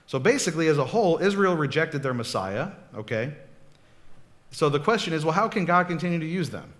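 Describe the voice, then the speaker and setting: A man's voice: on the high side, lively intonation, brisk, fairly bright tone. A man preaching a casual, conversational sermon as pastor, often checking in with the congregation. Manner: chatty, checks in often with "okay?" and "right?".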